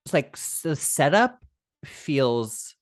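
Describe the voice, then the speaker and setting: A woman's voice: deep voice, takes it slowly, no echo, clean studio sound. A woman co-hosting a podcast, chatting casually about a movie, laughing and acting out lines from it. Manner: animated, laughing, acts out quotes from the film. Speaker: podcast co-host. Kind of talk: casual chat reviewing a movie.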